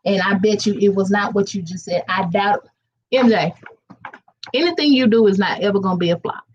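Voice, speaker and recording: A woman's voice: mid-range voice, brisk, lo-fi sound, slight background noise. A chatty woman, rambling casually to viewers while she cooks in her kitchen. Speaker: vlogger cooking live. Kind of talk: casual live-stream chat. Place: home kitchen.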